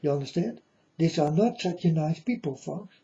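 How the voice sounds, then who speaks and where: A man's voice: fairly high pitch, lively intonation, moderate pace, gravelly, dark tone, lo-fi sound. Earnest man warning his folks. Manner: repetitive, earnest, addresses listeners as folks. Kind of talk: rambling spoken warning to viewers.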